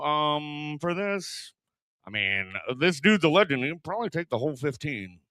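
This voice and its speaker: A man's voice: fairly high pitch, sharp tone, clear, resonant tone, no room sound. A man hosting a comedy night, introducing the next comic in a loose, rambling way with lots of fillers. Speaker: show host and MC. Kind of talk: introducing comics at an open mic. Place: comedy club stage.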